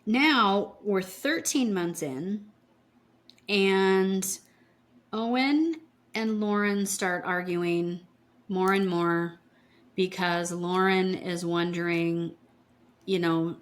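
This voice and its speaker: A woman's voice: on the low side, takes it slowly. A woman in her fifties, co-hosting a podcast, retelling a true-crime story in a blunt, indignant way and swearing freely. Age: 50s. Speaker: podcast co-host.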